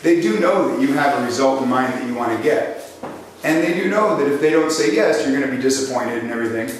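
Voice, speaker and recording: Talking fast in a medium pitch, this male sales trainer runs a live seminar full of animated stories, imitated voices and questions for the crowd. The hall echoes, the microphone is far off, and a little background noise comes through.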